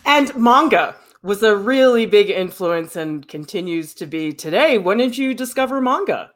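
A woman's voice: medium pitch, lively intonation, normal speed. A woman interviewer asking curious, prompting questions.

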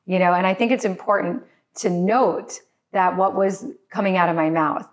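A woman's voice: fairly low pitch, moderate pace. A woman guest telling a frightening personal story in a podcast chat, emotional and apologetic, sometimes crying, with many restarts. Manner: tearful, apologetic, restarts often. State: crying at times.

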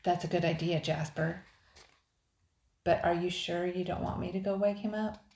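A woman's voice: fairly low pitch, steady tone, normal speed, gravelly, a little mellow, echoey room. Nicole, a grandma doing a brave little girl. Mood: determined. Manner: determined, bold.

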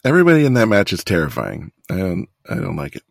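Wry man with a very deep voice. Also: quick pace, gravelly, dry recording, studio quality. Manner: relaxed and wry, swears casually. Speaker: podcast co-host. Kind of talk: casual wrestling recap chat.

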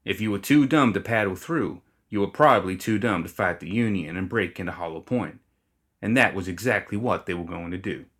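A man reading fantasy fiction aloud as narrator, in a wry, even storytelling manner. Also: deep voice, a little fast. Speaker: audiobook reader.

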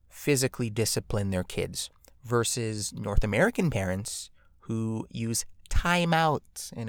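A man's voice: on the low side, dry recording, studio quality. A man hosting a podcast alone, rambling and joking with lots of fillers and tag questions. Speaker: podcast host. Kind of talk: casual podcast monologue.

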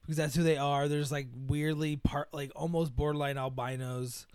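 A man's voice: on the high side, fairly quick, clean tone, dry recording, studio quality. A man co-hosting a podcast, retelling movie scenes casually with lots of swearing. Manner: profane, animated retelling of scenes. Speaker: podcast co-host.

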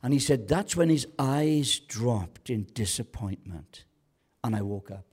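A man preaching a sermon in a church, swinging between loud calls to the congregation and quiet storytelling. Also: mid-range voice, lively intonation, measured pace, breathy edge. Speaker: pastor.

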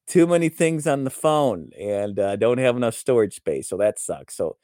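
A man's voice: mid-range voice, animated, moderate pace, darkish tone, dry recording, clean studio sound. A man in his forties hosting a live show, rambling casually with many fillers and restarts. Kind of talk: casual live-stream monologue.

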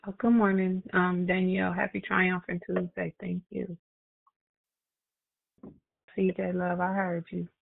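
A woman's voice: on the low side, completely flat delivery, unhurried, creaky, long pauses, no echo. A woman hosting a prayer call, greeting callers and affirming them with repeated praise phrases. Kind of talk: casual phone call greetings. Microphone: phone. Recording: tinny phone line.

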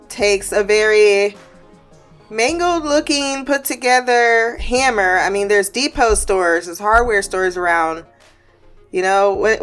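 A woman's voice: medium pitch, fairly bright tone, smooth. Chatty woman reviewing a TV episode. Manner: chatty and wry, with filler words and restarts; sarcastic asides and frequent laughs. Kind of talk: casual review commentary.

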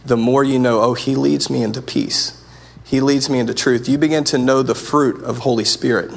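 Gravelly-voiced man preaching earnestly. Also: mid-range voice. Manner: earnest, conversational preaching with many restarts. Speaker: pastor. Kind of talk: sermon.

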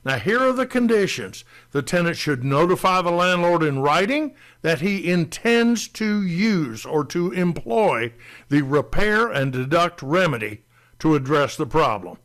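A man co-hosting a talk show, explaining rental rules in a deliberate way and stressing key words. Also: a little high, lively intonation, fairly bright tone. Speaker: landlord co-host explaining rental law.

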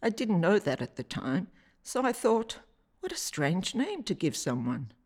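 Reading her own reflective narration with deliberate, pause-filled pacing, this Italian-born artist, a native Italian speaker, has a mid-range, husky, darkish voice with a sing-song lilt.

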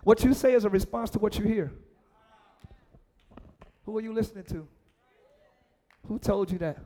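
A man preaching a lively sermon as pastor, acting out voices and shouting lines for emphasis. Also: sits high, normal speed.

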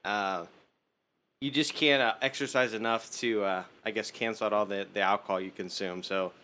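A man's voice: lowish voice, steady tone, normal speed, bright, forceful tone. A man co-hosting a podcast, blunt and teasing in casual banter. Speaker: podcast co-host.

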